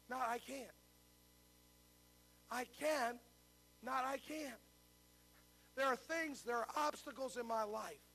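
A man's voice: very high-pitched, gravelly, bright, forceful tone. An older man preaching a sermon, telling a story and then asking the congregation to answer his questions aloud. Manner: preaching with call-and-response questions. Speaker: pastor.

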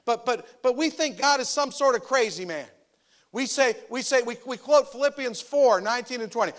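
A man preaching a sermon, animated and emphatic, swinging between loud stressed lines and soft quiet drops. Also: extremely high pitch, moderate pace. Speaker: pastor.

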